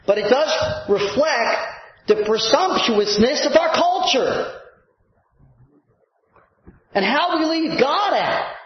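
A male pastor preaching a sermon to his congregation, animated and rising to shouts for emphasis. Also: extremely high pitch, takes it slowly, pauses often. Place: church sanctuary. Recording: echoey church hall, dull lo-fi sound.

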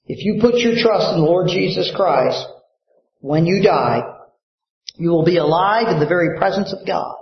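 Impassioned high-voiced preacher in a roomy hall. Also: male voice, animated, moderate pace, vocal fry, muffled recording. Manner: impassioned preaching with sudden loud rises. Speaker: pastor. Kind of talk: sermon.

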